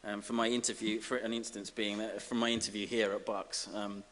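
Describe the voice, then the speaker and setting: A man from giving a self-deprecating, comic acceptance speech as an honorary graduate, halting over fillers. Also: fairly low pitch, level tone, a bit bright. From Essex, England. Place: large ceremony hall. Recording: reverberant hall with faint hiss.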